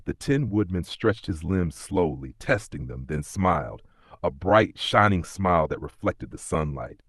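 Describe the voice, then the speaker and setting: Deep-voiced man telling a fairy tale. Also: a little slow, no room sound. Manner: calm, storybook telling. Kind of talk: scripted narration.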